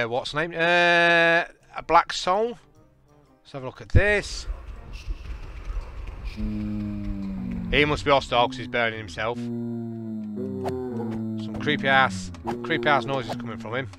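A man, casually and excitably commentating a game, joking and laughing at his own jokes. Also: medium pitch. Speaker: gaming channel host.

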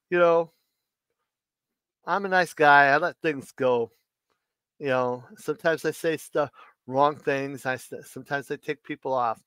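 Man host, rambling live chat, fairly high voice, smooth and dry. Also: fairly bright tone, no echo. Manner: puts an R in Washington; rambling, halting, many restarts. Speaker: livestream host.

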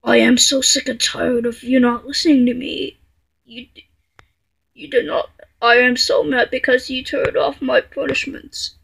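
A woman voicing a quick-tempered female computer error that scolds the user, threatening and stammering as she goes. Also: sits high, flat delivery, vocal fry, fairly bright tone, husky, exaggerated voice. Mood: angry scolding.

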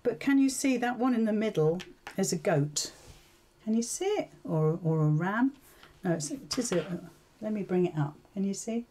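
Mellow-voiced woman, chatty sewing tutor. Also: mid-range voice, animated, normal speed, a little hiss or hum. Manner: chatty, thinks aloud, asks viewers questions. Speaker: sewing tutor hosting a live stream. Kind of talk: casual live tutorial chat.

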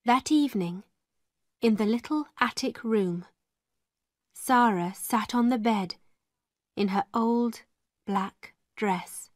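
A woman narrating a classic story for English learners in a slow, clear, expressive reading. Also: fairly high pitch, no echo, clean studio sound.

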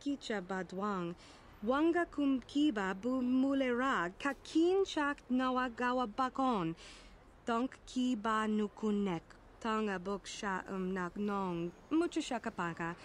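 An actress voicing a female alien droid seller who speaks a steady alien language. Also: a little high, slow, a little hiss or hum.

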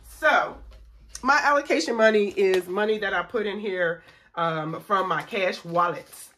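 Brief: young woman, bright and ringing voice, animated budgeting vlogger talking to "y'all". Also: medium pitch, a little slow. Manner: chatty, animated, talks to viewers as y'all, counts money aloud. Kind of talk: casual chat to viewers while scratching off savings.

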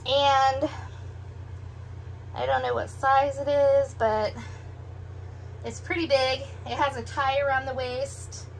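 A middle-aged woman with heavy breathing after a meal, chatting in an unhurried, musing way as she shows off a clothing haul at home. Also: high voice, steady tone, creaky, a little hiss or hum. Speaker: doll collector showing a clothing haul. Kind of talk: casual show-and-tell vlog.

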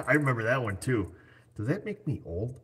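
A husky, slightly bright medium-pitched voice with big pitch swings belongs to a livestream host in his forties. He talks fairly quickly into his computer, rambling, joking, and chatting casually.

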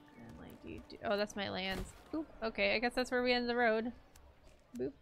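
Her voice is fairly high, gravelly, and fairly bright, with fairly even intonation and a moderate pace, as this young woman streams a game over faint music. She keeps up playful, casual chatter with viewers and with herself mid-play.

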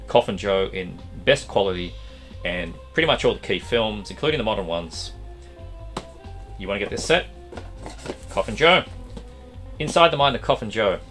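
Hoarse, lively man rambling on camera. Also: lowish voice. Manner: rambling, animated, trailing fillers. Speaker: collection vlog host. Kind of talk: casual collection update.

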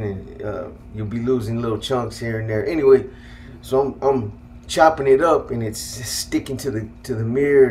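Man swearing through a halting personal story. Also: mid-range voice, darkish tone, slight background noise. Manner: profane, halting, with many fillers and restarts. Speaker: guest telling his life story.

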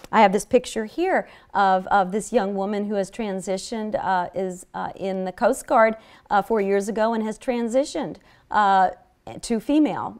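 A woman's voice: mid-range voice, darkish tone. A woman speaking at a public health seminar, telling stories from clinic work in an earnest way with frequent restarts. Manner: earnest storytelling with many restarts. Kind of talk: seminar lecture.

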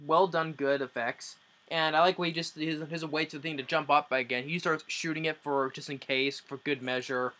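Bright-voiced man rambling through a review. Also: on the high side, fairly even intonation, moderate pace. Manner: rambling, with frequent restarts. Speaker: movie reviewer. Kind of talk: casual plot recap.

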